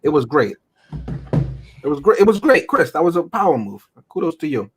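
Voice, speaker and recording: A man's voice: on the high side, sing-song, a little fast, background noise. A man co-hosting a casual movie-review podcast, retelling film scenes with laughter and acting out the quotes. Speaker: podcast co-host.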